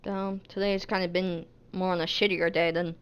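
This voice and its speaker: A woman playing a character in a tabletop game, speaking in a hesitant, halting casual way. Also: lowish voice, flat delivery, smooth. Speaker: player.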